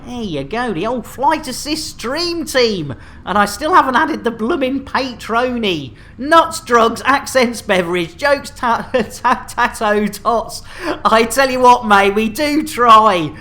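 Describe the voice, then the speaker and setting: A woman's voice: fairly high pitch, lively intonation, slow, fairly bright tone. A woman hosting a game live stream, chatting cheekily with her viewers and joking. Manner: cheeky, joking, playful banter with chat. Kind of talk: lively live-stream chat.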